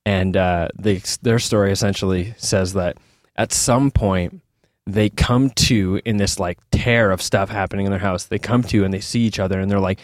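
Here a guest author, a man, recounts his personal stories frankly, rambling and restarting often amid plenty of fillers. The low-pitched voice moves at a moderate pace with fairly even intonation, in a dry, studio-quality recording.

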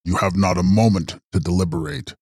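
A man reading an audiobook voices a menacing male vampire with a hollow, deep voice. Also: a little fast, a little mellow, slightly rough, dry recording, clean studio sound.

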